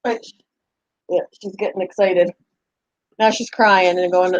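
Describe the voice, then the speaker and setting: A woman's voice: on the low side, steady tone, a little slow, no echo, muffled recording. A middle-aged woman chatting casually to her viewers about her pets, now and then cooing at her dog. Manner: chatty, talks to her dog in a sing-song voice. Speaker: pet vlogger. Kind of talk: casual chat to camera.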